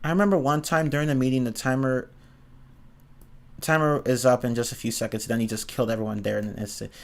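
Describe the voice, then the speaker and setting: A man's voice: mid-range voice, steady tone, quick pace, creaky. A man giving a casual, exasperated rant, swearing often and stumbling over his words as he restarts sentences. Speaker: streamer ranting about online games.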